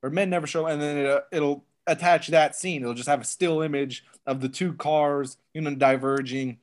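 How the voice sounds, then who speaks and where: A young man in casual podcast chat, animated and sarcastic, often restarting his sentences. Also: fairly high pitch, moderate pace. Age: young adult. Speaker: podcast co-host.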